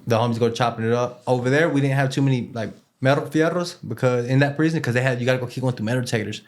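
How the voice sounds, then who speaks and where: A man's voice: medium pitch, racing. A man telling a casual story as an interview guest, in loose street slang with Spanish words mixed in, rambling and repeating himself.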